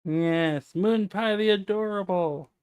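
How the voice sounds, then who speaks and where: Guy on a livestream baby-talking his cat, slow and easy, super dry close sound. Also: sits high, darkish tone, smooth, no room sound. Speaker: livestream host. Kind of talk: casual stream chat.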